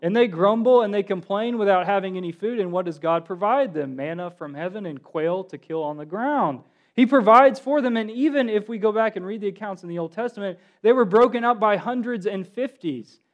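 A man with a fairly high voice preaches a sermon. He is animated, often turning to his listeners with questions. He acts out the quoted lines. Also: a little fast, highs cut off.

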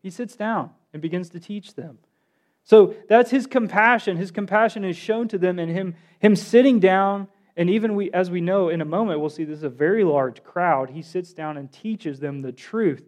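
A man preaching a sermon, animated, asking his listeners questions and acting out the quotes he reads. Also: high-pitched, normal speed. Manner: animated, asks the congregation questions, acts out quotes.

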